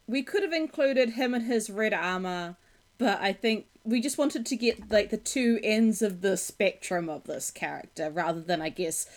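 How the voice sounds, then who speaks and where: A woman co-hosts a casual film podcast in an ordinary mid-range voice. She speaks in a relaxed, conversational way and slips in dry, wry remarks. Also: medium pitch, moderate pace. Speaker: podcast co-host.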